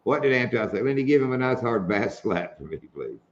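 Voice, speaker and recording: A man's voice: medium pitch, big pitch swings, a little fast, dull audio. A man hosting a casual live stream, telling jokes and laughing at them. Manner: joking storyteller, laughs at own jokes.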